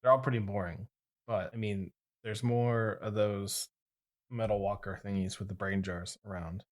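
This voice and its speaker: A man chatting as a tabletop game player, slow and laid-back with a dreamy drift. His voice is low-pitched. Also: fairly even intonation. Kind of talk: casual chat.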